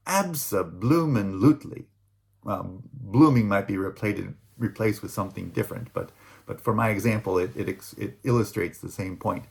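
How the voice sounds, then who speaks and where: A man's voice: fairly low pitch, vocal fry. A man giving a recorded linguistics lecture, talking through examples with many fillers and restarts and checking in with "right?".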